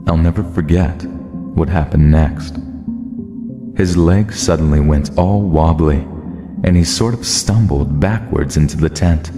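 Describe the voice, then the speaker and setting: A man reading a scary first-person story aloud in steady, measured scripted narration. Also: rumbling low. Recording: long hall reverb with faint music.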